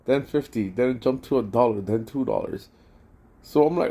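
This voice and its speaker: A man ranting casually to the camera, swearing freely and piling up slang. His story rambles and jumps to excited outbursts, in a voice of ordinary male pitch. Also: moderate pace, breathy edge. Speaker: vlogger. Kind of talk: casual rant vlog.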